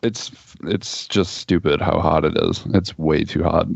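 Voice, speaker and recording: A young man with a very deep, gravelly voice chats easily as a guest, joking and pausing with plenty of ums. He comes through a video call, and the sound is a little muffled. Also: fairly even intonation, no room sound. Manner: laid-back, joking, hesitant with fillers. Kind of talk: casual chat.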